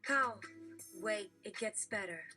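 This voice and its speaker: A woman reading jokes aloud in a brisk, matter-of-fact narrating manner. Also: mid-range voice, fairly even intonation, pushed and bright, soft background music. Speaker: joke reader.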